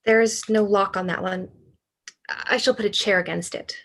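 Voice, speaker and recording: A woman's voice: medium pitch, fairly even intonation, moderate pace, fairly bright tone. A woman reading the part of a despairing, lovesick young male writer in a cold reading over a video call, with earnest, pleading delivery. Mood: gentle. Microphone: computer mic on a video call.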